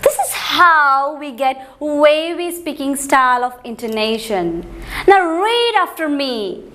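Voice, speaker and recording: A woman teaching pronunciation in class, emphatic, with exaggerated rising and falling pitch. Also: lively intonation, slow, sharp tone. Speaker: English pronunciation instructor. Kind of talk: classroom lesson, demonstrating intonation.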